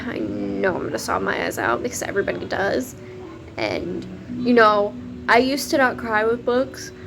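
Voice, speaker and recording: A woman's voice: mid-range voice, expressive, moderate pace, vocal fry, noisy background. A young woman, chatting casually to camera about books, swearing freely and laughing often. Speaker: book vlogger.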